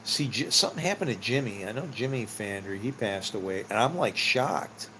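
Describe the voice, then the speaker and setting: A man's voice: lowish voice, animated, moderate pace, bright, forceful tone, slight background noise. A middle-aged man telling rambling personal stories in a casual, meandering way, laughing often and swearing freely. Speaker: vlogger.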